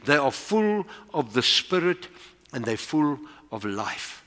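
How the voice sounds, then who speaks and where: A South African man preaching in a large church hall, his voice ringing with long reverb. He has a slightly high voice that swings widely in pitch as he presses his points, mixing English with Afrikaans. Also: very animated, measured pace, sharp tone. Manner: preaching with rising emphasis, mixing in Afrikaans phrases. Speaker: pastor. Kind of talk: sermon.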